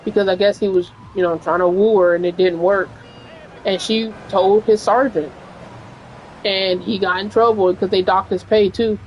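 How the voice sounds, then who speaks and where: A woman's voice: mid-range voice, steady tone, moderate pace, darkish tone, muffled recording, a little hiss or hum. Rambling, frank woman gamer. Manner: rambling and frank, full of "you know" and "like". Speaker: gaming streamer. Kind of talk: casual storytelling over gameplay.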